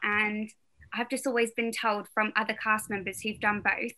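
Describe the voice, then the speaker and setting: A young English woman chatting as a podcast guest, bubbly and animated and often laughing. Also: mid-range voice, moderate pace. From England. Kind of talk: casual chat.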